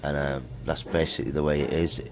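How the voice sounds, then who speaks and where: A man's voice: a bass voice, flat delivery, fast talker. A middle-aged man, a musician telling anecdotes in a casual interview, full of slang. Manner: chatty anecdotes with slang and laughs. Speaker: musician guest.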